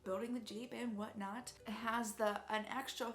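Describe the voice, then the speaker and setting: A woman's voice: on the high side, fairly even intonation, normal speed, fairly bright tone. A young woman telling a personal story in a chatty, rambling way, sincere and emotional at times. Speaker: vlogger.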